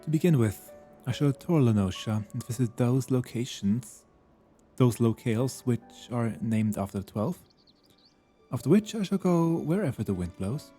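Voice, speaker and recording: A gentle male god walking the world in mortal form, speaking with a French accent in formal, old-fashioned phrases, as a man puts him on while reading game dialogue. The voice is dark and husky, with faint music playing underneath. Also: medium pitch, lively intonation, normal speed. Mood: earnest. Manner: formal, archaic and courteous speech.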